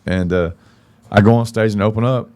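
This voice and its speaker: A man's voice: lowish voice, steady tone, brisk, darkish tone. A man in his thirties with a Southern accent, a country singer telling a long, profane story on a podcast and acting out everyone's lines. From from Arkansas.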